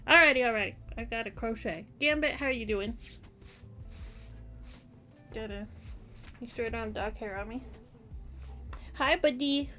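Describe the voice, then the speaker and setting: A woman's voice: fairly high pitch, steady tone, normal speed, pauses often, bright, forceful tone, soft background music. A woman streaming at home as she crafts, chatting casually and coaxing her dog in a playful way. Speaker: crochet streamer. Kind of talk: casual chat while crafting.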